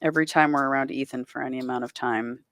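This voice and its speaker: A woman chatting casually with family, making quick remarks with lots of "like" fillers. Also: a bass voice, fairly even intonation, no echo, studio quality. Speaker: mother, family member.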